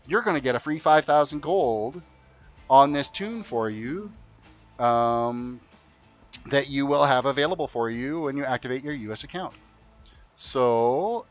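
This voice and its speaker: A man's voice: medium pitch, a bit bright, clear, resonant tone, lo-fi sound. A man streaming a game and hosting an in-game race event for his viewers. He chats casually and keeps repeating his instructions to the players. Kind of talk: casual live-stream commentary.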